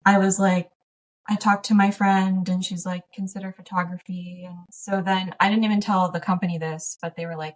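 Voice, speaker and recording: A woman's voice: mid-range voice, flat delivery, moderate pace. A woman guest on a podcast, telling stories animatedly, laughing often and acting out past conversations. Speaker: podcast guest, small business owner. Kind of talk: casual conversational interview. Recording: slightly distant from the mic.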